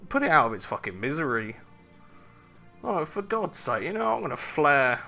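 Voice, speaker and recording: A man's voice: fairly high pitch, sing-song, moderate pace, gravelly, bright, forceful tone, soft background music. A man ranting casually at home over gaming commentary, sardonic, sweary and rambling, holding his mic in his living room. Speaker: gaming channel host. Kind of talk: casual battle commentary and rant. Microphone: handheld desk mic.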